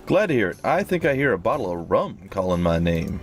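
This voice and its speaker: A man's voice: lowish voice, very animated, fairly quick, soft background music. Brash, teasing pirate gal voiced by a man, raised voice. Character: brash female pirate crewwoman, rum-loving.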